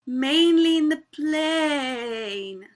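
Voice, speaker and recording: A woman's voice: high voice, animated, full character voice. A woman playing a painfully posh young Englishwoman with a posh English accent, giggly and prim, in an online student drama over a video call. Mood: careful. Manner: giggly, prim, slow careful repeating.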